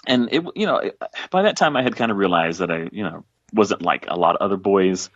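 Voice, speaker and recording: A man in his forties with a deep, low voice talks through a casual podcast conversation. He rambles, restarts sentences and leans on fillers. The recording is dry and slightly dull. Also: animated, brisk, no echo. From south Texas. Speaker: guest author.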